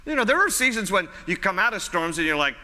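A man's voice: sits high, very animated, quick pace, bright, forceful tone. A man preaching a sermon in a conversational way, repeating phrases for emphasis. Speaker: pastor. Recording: long hall reverb.

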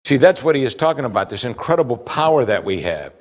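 A male pastor delivers a sermon at a middle pitch for a man. He speaks with emphasis and keeps turning to his listeners with pointed questions. The voice dips low and soft for quoted verses, then rises again for the questions. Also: big pitch swings, fast talker. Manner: asks the congregation direct questions, emphatic.

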